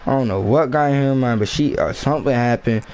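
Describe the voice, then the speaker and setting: Casual vlogger man, rambling and slangy storytelling, mid-pitched. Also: a little fast, darkish tone, a little hiss or hum, low-quality recording.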